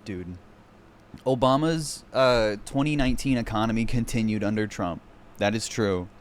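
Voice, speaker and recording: A man's voice: lowish voice, normal speed. A man streaming, reacting with sarcastic, profanity-laden mockery in casual commentary. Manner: profane, mocking, sarcastic rants.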